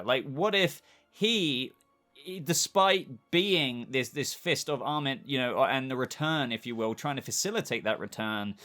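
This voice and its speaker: A man's voice: medium pitch, a bit bright. A man with a British accent hosting a chatty, upbeat video review of a TV episode. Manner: chatty, upbeat, keeps saying "if you will". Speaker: TV show reviewer, channel host. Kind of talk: casual spoken video review.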